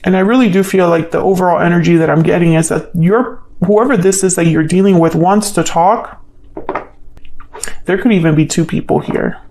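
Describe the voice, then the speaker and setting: A woman's voice: on the low side, normal speed, darkish tone, poor audio. A woman giving a solo tarot love reading, thinking aloud in a hesitant way and asking the cards questions as she goes. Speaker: tarot reader.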